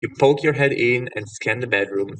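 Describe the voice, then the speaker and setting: A man's voice: mid-range voice, normal speed, a bit bright, distant mic, rough recording. A male streamer narrating a visual novel aloud with playful, joking asides.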